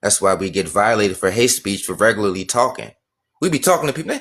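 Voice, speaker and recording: A man's voice: fairly low pitch, lively intonation, fast, fairly bright tone. A man holding forth on a casual livestream, insistent and repetitive. He hammers the same phrases again and again and throws out rhetorical questions. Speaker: livestream host.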